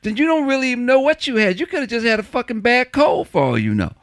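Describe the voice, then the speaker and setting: A man's voice: very high voice, big pitch swings, quick pace, dry recording. A man telling a story in casual chat, acting out both sides of a phone call with big swings in his voice.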